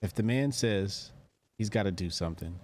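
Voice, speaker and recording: A man's voice: on the low side, moderate pace, a little mellow. A man hosting a casual talk show, bantering with his co-host and teasing her provocatively. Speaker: podcast host. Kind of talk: casual chat.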